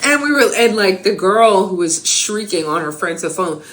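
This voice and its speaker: A woman co-hosting a podcast, telling a story in an animated, casual way, swearing often and acting out what people said. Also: mid-range voice, moderate pace. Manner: animated storytelling, swears a lot, acts out quotes. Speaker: podcast co-host. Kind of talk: casual chat.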